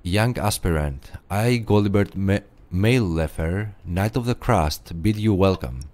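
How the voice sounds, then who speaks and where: A man's voice: low-pitched, unhurried. A man voicing a pompous knight of a secret order in a video game, grandiose and theatrical, slipping into game-show host patter. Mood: solemn. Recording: game audio over loud music.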